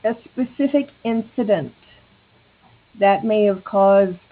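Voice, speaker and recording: Husky woman on a phone-like line. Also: medium pitch, takes it slowly. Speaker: workshop participant. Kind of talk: question on a group call. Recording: phone-like call audio.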